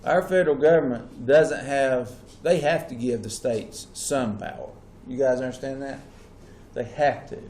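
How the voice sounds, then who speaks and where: Unhurried and slightly dark in tone, a medium-pitched male voice delivers a classroom lecture. He breaks ideas down step by step and frequently asks the students if they're keeping up. Echo and a faint hum color the room.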